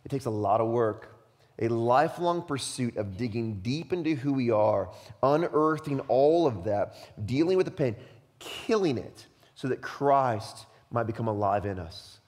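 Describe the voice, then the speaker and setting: A male pastor delivers a sermon at a middle pitch. He preaches emphatically, often sinking into a quiet, intense hush. A long reverb from the hall trails his words. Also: lively intonation, measured pace.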